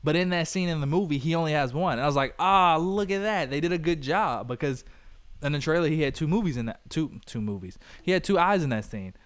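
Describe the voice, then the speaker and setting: A man co-hosting a casual movie review podcast, talking in an animated way, laughing often and acting out lines from scenes. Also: on the high side, fast, no room sound. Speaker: podcast co-host.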